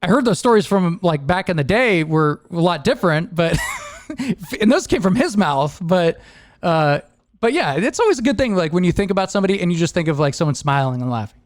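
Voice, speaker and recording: Lively high-voiced male podcast host. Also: brisk, no echo, clean studio sound. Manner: rambling, animated, laughs often, acts out quoted voices. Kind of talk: casual storytelling chat.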